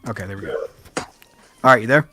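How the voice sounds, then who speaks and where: A man's voice: on the low side, fast talker, pushed and bright, no echo, faint music behind. A man hosting a casual live stream, chatting loosely and reading viewer comments aloud. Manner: loose and chatty, drops in mild swearing.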